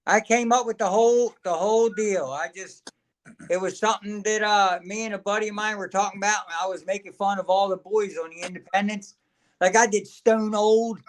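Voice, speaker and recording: High-pitched guy rambling thru old wrestling stories, chuckling along. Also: steady tone, brisk. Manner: rambling, laughs through anecdotes. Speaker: wrestling guest at a fan signing. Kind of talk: casual storytelling.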